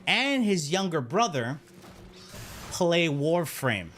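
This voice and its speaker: Animated, profane male streamer storyteller. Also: a little high, slow pace. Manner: animated, profane, keeps checking in with "right?". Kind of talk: casual storytelling on a livestream. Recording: steady background noise.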